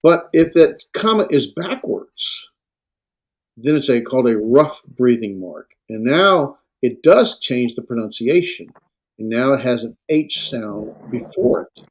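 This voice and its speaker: A man lecturing on Greek to a class, halting and full of fillers and self-corrections. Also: medium pitch, sing-song, slightly rough. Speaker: Greek instructor.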